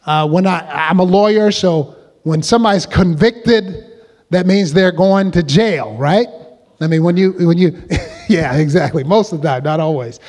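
A man preaches to his congregation with a high voice, regularly pausing to draw them into call-and-response. His words ring out with a long reverb around the church hall. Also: darkish tone. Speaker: pastor. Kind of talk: sermon.

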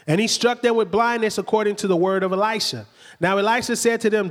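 Male preacher, high voice, lively storytelling sermon, long hall reverb. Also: brisk. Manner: lively, conversational retelling with acted quotes and rhetorical questions.

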